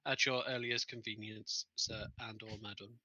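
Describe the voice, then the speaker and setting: A man's voice: on the low side, little pitch movement, normal speed, pushed and bright, no echo, poor audio. A man playing a stiffly formal, over-courteous warforged construct adventurer in a tabletop game.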